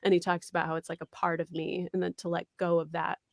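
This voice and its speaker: A woman in her thirties with a somewhat low voice chats animatedly in an interview, full of fillers and quick asides. The sound is dry and close, with no room around it. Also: vocal fry, no echo. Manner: animated, chatty, many fillers and laughs. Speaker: voice actress guest. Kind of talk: casual interview chat.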